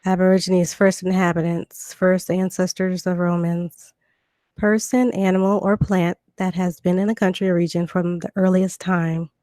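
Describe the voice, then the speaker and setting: Still recovering from illness, this Southern woman from Virginia, carrying some Georgia twang, hosts a casual live stream and reads out definitions, chatty and loose with many fillers and restarts. Her mellow voice is low for a woman, with little pitch movement at normal speed, picked up dry and close by a desk computer mic.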